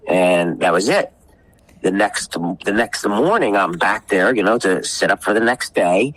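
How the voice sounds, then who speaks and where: A man's voice: fairly low pitch, moderate pace, fairly bright tone, a little hiss or hum, low-quality recording. A man telling a rambling, profane story on a casual podcast, often acting out the people he quotes. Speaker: guest storyteller.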